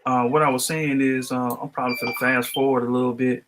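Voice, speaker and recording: A man's voice: medium pitch, little pitch movement, noisy background. Slangy, loose-talking man. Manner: loose, slangy, halting with restarts. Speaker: guest. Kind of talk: casual livestream chat.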